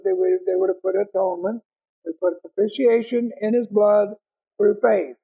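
A man teaching a Bible study, reading verses slowly and adding quick asides. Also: high-pitched, dark tone, muffled recording. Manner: reads scripture slowly, explains in quick asides.

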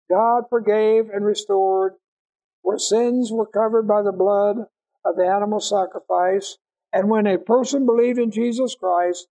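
Gravelly man teaching the Bible. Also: high-pitched, mellow, muffled recording. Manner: reads scripture slowly, explains in quick asides. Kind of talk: Bible study lecture.

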